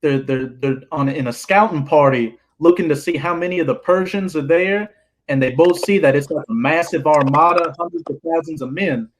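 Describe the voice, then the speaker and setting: A man's voice: fairly high pitch, moderate pace, a little hiss or hum, poor audio. A man in a casual scripture discussion, earnestly retelling a scene as an example. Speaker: study group member.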